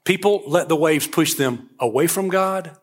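A man's voice: fairly high pitch, moderate pace. A man, preaching a sermon, moving from conversational storytelling into emphatic preaching. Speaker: pastor.

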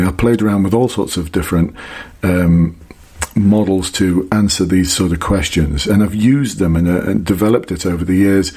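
Husky man coaching interviews. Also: lowish voice, darkish tone. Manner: emphatic, repeats key points. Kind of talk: instructional talk to camera.

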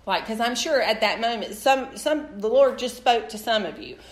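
With a fairly high voice at normal speed, this woman gives a sermon built around her personal testimony. She addresses the audience head-on, telling her story with animation; the room echoes and faint noise sits in the background.

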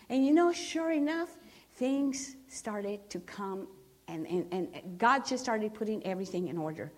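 A woman's voice: mid-range voice, expressive, a little slow, a little mellow. A middle-aged woman speaking earnestly as she gives a personal testimony at a church service, often restarting her sentences for emphasis. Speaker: church member giving testimony.

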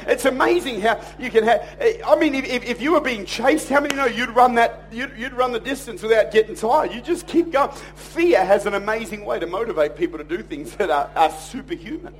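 A man preaching a sermon in church, telling stories in a jokey, animated way and acting out other people's voices. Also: very high-pitched, brisk, hardly any pauses. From Australia. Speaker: pastor.

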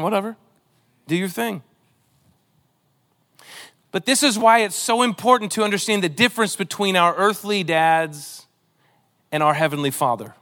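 A man's voice: sits high, fairly bright tone. A man preaching a sermon, earnest and emotional, reading scripture with a pleading, dramatic delivery. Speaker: pastor.

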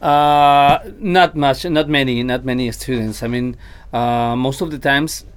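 A man's voice: mid-range voice, steady tone, a little slow, clear, resonant tone. A man working as a vocal coach who chats casually on a podcast, often repeating words and laughing easily, with slightly phrasing.

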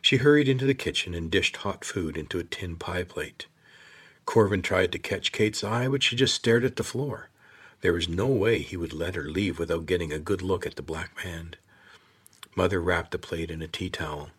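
A man narrating an audiobook in a steady, measured storytelling voice. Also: low voice, slightly rough.

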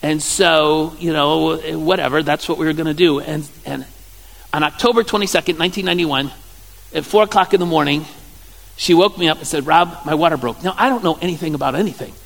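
A man, a pastor giving a sermon in a playful, joking storytelling way with sudden loud exclamations. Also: fairly high pitch, fairly quick, gravelly. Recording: church hall reverb.

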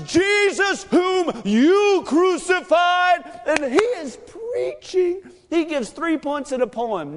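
A man preaching a sermon, telling the story with animated energy and acting out the lines of the characters. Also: very high-pitched. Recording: long reverb of a large hall.

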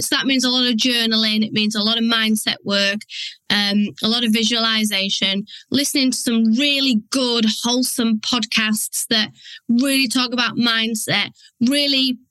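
Bright, chatty woman. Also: fairly high pitch, no room sound, poor audio. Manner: chatty and frank, with frequent restarts and mild swearing. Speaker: podcast host and business coach. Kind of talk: candid solo monologue.

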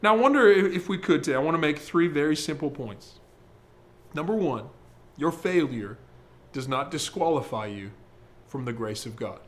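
A pastor preaching a sermon, talking to the congregation in a conversational, emphatic way. His voice sits fairly high for a man. He slows down when he reads scripture. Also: lively intonation. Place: church service, streamed.

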